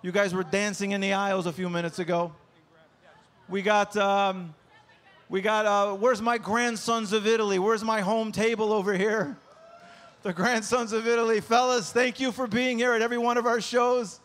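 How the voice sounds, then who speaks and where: A man's voice: sits high, flat delivery, normal speed, a bit bright. A male stand-up comedian opening his set with loose crowd work and stammered restarts on a stage microphone. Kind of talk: live stand-up opener.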